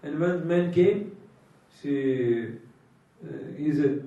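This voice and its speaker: Man, spiritual teacher's sermon, mellow voice, halting delivery, heard from a distance in a very echoey, muffled room. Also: on the high side. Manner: halting, many pauses and fillers, laughs at own jokes. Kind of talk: sermon with storytelling.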